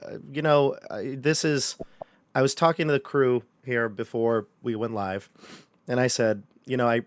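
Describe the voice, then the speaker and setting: A man's voice: medium pitch, fairly even intonation, moderate pace. A man running a livestreamed tabletop horror game, joking and chatty with his players. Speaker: game master.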